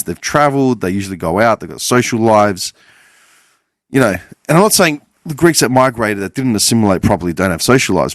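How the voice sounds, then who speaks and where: A man in his forties rambles through a casual podcast monologue, swearing freely and correcting himself as he goes. His voice sits fairly low. It is recorded close and dry, with little room sound. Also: no room sound. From Australia. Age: 40s. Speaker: podcast host.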